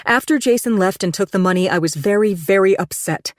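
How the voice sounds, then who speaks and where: A woman's voice: mid-range voice, brisk, dry recording, clean studio sound, lightly acted. A woman voicing a frightened, hostile woman. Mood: accusing. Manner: sharp, raised, accusing delivery.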